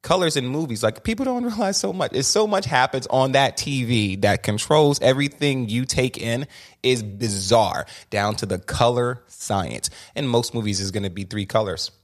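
A man chatting as a guest on a podcast, animated and opinionated, often restarting his sentences. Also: mid-range voice, moderate pace. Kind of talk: casual podcast conversation.

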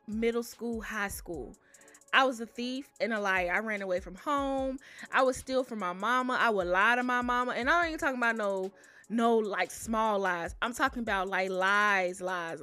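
A young woman telling personal stories in a casual, animated way, often calling out to her listeners. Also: fairly high pitch. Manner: animated, addresses listeners as y'all. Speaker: storyteller. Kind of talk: casual storytelling to camera.

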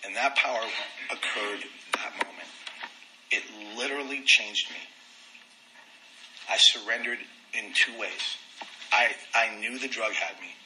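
A man candidly telling his own recovery story, animated and self-deprecating. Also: fairly low pitch, a little slow, pauses often, slight background noise, poor audio. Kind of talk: personal testimony talk.

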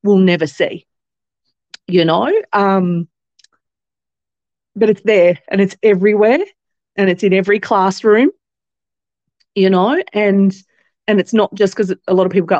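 Aussie woman chatting away in a podcast interview, mid pitch, flat dull sound, no room echo. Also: moderate pace, pauses often. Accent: Australian. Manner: chatty storytelling, many fillers and restarts; animated quoting of others' voices. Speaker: guest, company founder.

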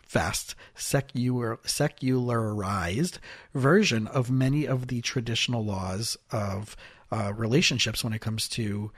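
Man, podcast host, therapist, animated chatty delivery, dry close sound. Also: lowish voice, breathy edge, dry recording. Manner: animated, chatty, many restarts and fillers. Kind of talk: casual podcast chat.

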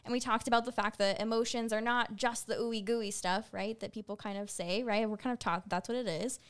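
Bright, smooth-voiced woman podcaster. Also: fairly high pitch, brisk. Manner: animated storyteller, acts out quoted students. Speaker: podcast co-host, former middle school teacher. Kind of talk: casual podcast conversation.

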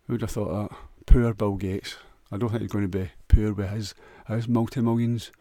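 A man's voice: lowish voice, fairly even intonation, moderate pace, few pauses, dark tone, no echo, studio quality. A man with a Scottish accent rambling crudely through a jokey solo monologue, often restarting and stumbling over words.

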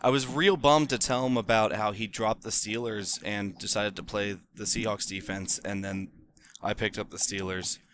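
A man's voice: fairly low pitch, steady tone, moderate pace, a bit bright, slight background noise. A man co-hosting a casual fantasy football podcast, teasing his friends, swearing and laughing often. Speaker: podcast co-host. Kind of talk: casual chat among friends.

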